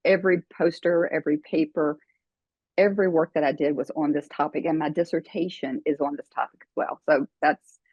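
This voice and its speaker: An older woman as an interview guest, telling her story earnestly, with many fillers and pauses. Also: sits low, steady tone, no echo, highs cut off. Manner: earnest, emotional, halting with fillers.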